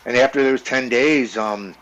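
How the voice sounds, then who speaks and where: A man's voice: mid-range voice, normal speed, fairly bright tone, muffled recording. A man in his forties telling his own recovery story as a podcast guest, earnest and blunt, stumbling over repeated words. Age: 40s. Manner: earnest, stammering repeats while recounting; blunt, with casual swearing.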